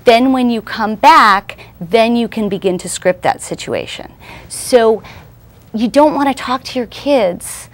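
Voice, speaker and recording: A woman in her thirties, a parenting expert guest on a TV show, explaining her ideas earnestly. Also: a little high. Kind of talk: TV interview.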